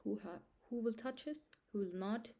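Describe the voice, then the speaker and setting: A young vlog host with a warm, fairly high voice talks at normal speed, giving casual life advice straight to camera. Emphatic and repetitive, she regularly asks her viewers "Understand?"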